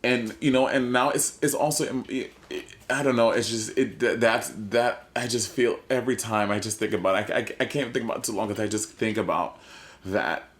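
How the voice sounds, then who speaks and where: A man co-hosting a podcast, talking in an earnest, halting way and repeating himself as he gets emotional. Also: lowish voice, fairly even intonation, fairly bright tone. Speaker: podcast co-host.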